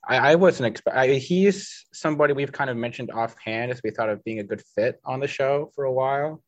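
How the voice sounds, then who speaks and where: A man's voice: medium pitch, no echo. Joking man co-hosting, dull sound. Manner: quick, joking, reads out lists. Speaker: podcast co-host. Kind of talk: casual podcast chat.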